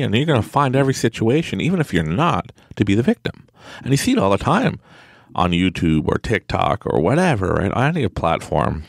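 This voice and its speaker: A man talks through a casual podcast monologue in a very low, gravelly voice that rises and falls a lot. He rambles with plenty of fillers and acts out mocking quotes of other people. The sound is dry and close. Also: dry recording. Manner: rambling storytelling with many fillers and mock quotes. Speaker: podcast host.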